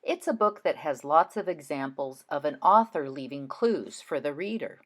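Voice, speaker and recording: A woman teacher giving a recorded reading lesson to children, speaking in a deliberate, expressive way as she demonstrates how to read aloud. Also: low voice.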